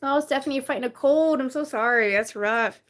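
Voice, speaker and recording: A woman's voice: sits high, a little fast, fairly bright tone. A woman casually chatting on a live stream from her bedroom. She greets viewers by name, laughs often, sounds tired and coughs now and then. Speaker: livestream host.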